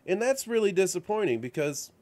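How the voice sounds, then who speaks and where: A man's voice: high voice, brisk. A man hosting a casual talk show, rambling through video game stories with lots of fillers and restarts. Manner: rambling, animated storytelling with frequent fillers. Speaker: show host. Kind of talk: casual chat about video games. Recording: radio-show studio setup.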